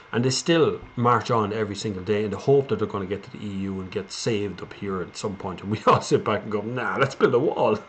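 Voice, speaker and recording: A man's voice: fairly low pitch, fairly bright tone, slight background noise. An Irish man hosting a live stream, chatting casually and rambling as he reads out viewer comments.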